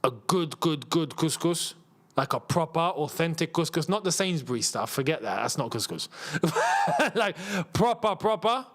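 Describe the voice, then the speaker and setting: Excitable young man on a football watchalong. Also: on the high side, moderate pace. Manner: excitable, reacts loudly to play, chatty with viewers. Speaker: football channel host. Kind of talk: live watchalong commentary and chat.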